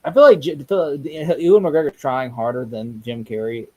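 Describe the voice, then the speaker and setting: Animated, argumentative man chatting. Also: mid-range voice, moderate pace, low-quality recording. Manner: animated, argumentative, swears freely. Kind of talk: casual chat during a watch party.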